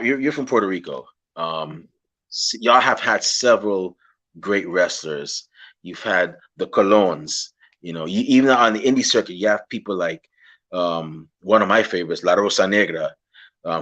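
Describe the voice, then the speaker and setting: Guyanese man hosting a wrestling chat. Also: low voice. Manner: animated, impersonates fans excitedly. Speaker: podcast host. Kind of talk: casual interview chat.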